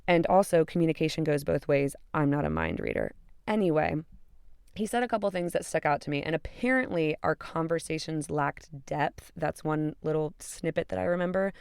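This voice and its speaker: A young woman tells a personal story on her podcast, candid and emphatic, with a few swear words. Her voice is smooth but has a gravelly fry to it. The sound is dry and close. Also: low-pitched, dry recording. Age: young adult. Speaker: podcast host. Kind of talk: confessional storytelling.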